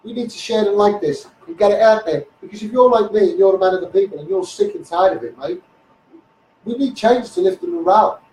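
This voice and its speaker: In a rough recording made from a distance in a roomy space, a middle-aged social media campaigner with a Liverpool accent vents on a Facebook Live stream. His voice sits high, fairly quick and dark-toned as he bluntly swears and confronts officials head-on.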